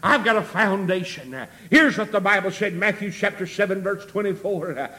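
A man preaching a sermon, building rhythmically into shouts with many amens and a habitual "uh" before phrases. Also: sits high, brisk.

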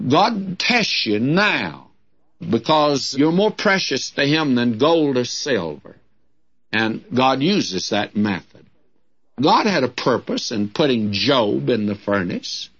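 An older man giving folksy, earnest Bible teaching on the radio, with a homespun and drawn-out delivery. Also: medium pitch, fairly bright tone. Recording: dull lo-fi old radio recording.

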